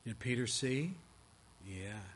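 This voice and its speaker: A man, a pastor, preaching a sermon with dramatic storytelling delivery that swings between hushed tones and strong proclamation. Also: medium pitch, lively intonation, slow pace, slight background noise.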